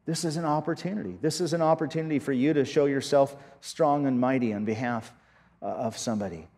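A man preaching a sermon as pastor, earnest and halting, often restarting his sentences. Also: mid-range voice, steady tone, warm tone, big-room sound.

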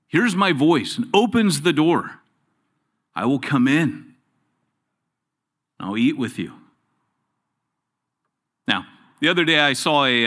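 A middle-aged man preaching a sermon in a church, telling jokes and stories as he goes. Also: on the high side. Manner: joking, storytelling, animated. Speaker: guest preacher.

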